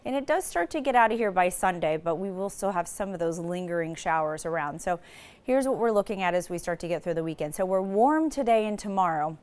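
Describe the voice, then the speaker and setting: Woman meteorologist, live forecast, low-pitched, casual and loose. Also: animated, brisk, a little mellow, clear, resonant tone. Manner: casual, many "so" starts and small restarts.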